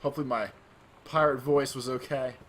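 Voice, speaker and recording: A man's voice: mid-range voice, fairly even intonation, a little fast, a bit bright, a little hiss or hum. A man hosting a let's play, giving casual gameplay commentary with joking, offhand asides.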